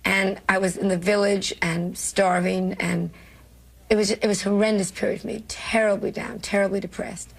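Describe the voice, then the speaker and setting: Gravelly, husky New York comedienne. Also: female voice, medium pitch, flat delivery. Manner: brash, self-mocking, quick to laugh. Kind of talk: candid interview storytelling.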